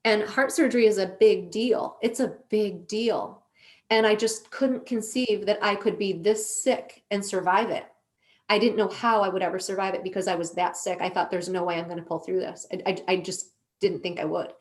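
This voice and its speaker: A woman on a podcast as a guest, telling her own story in an earnest, slow, deliberate way. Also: mid-range voice. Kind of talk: emotional personal storytelling.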